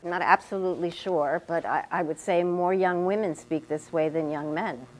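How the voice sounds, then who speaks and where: A woman's voice: fairly low pitch, moderate pace, slight background noise, close to an everyday voice. An actress playing an established woman writer who lectures her student with precise, pointed speech in a stage scene. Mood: lecturing. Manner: lecturing, precise, wide-ranging inflection. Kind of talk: stage scene performed on a talk show.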